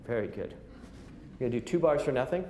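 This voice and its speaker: Speaking fast in a medium pitch, a man teaches a clarinet masterclass in a large recital hall, coaching with counts and lively jokes. The recording carries a roomy hall sound, faint ambience, and a little hiss or hum.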